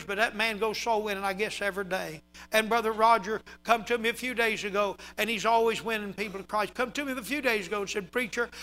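Preacher guy, high bright voice, folksy stories, gets loud and fired up. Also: low-quality recording. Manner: folksy, emphatic preaching with rising intensity. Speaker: pastor. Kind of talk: sermon storytelling.

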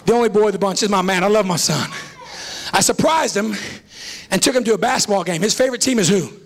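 A man preaching a fiery revival sermon as a visiting preacher, shouting and repeating lines for emphasis. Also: high-pitched, quick pace, gravelly. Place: church sanctuary.

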